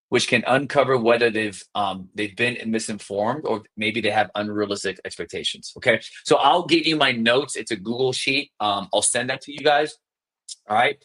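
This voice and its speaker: A man coaching real estate agents on sales calls in a live session, talking fast and emphatically and acting out call scripts. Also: medium pitch, fairly bright tone. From South Florida.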